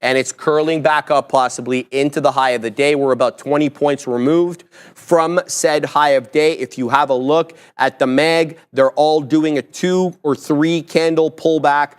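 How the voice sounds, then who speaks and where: A man hosting a live trading stream, talking through his trades and chart levels in brisk, self-mocking banter. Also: fairly high pitch, steady tone, clear, resonant tone. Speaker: live trading show host. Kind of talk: live market commentary.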